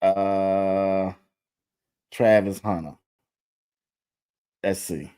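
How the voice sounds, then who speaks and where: A man hosting a sports talk show, chatting excitedly. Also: deep voice, drawn-out words, smooth. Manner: excited, chatty, talks to viewers directly. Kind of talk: casual commentary over video clips.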